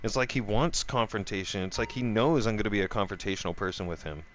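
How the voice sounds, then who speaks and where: A man's voice: quick pace, fairly bright tone, a little hiss or hum. A middle-aged man telling a rambling, profane story in a casual vlog rant, restarting his sentences often. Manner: voice jumps up high when quoting himself. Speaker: gaming vlogger.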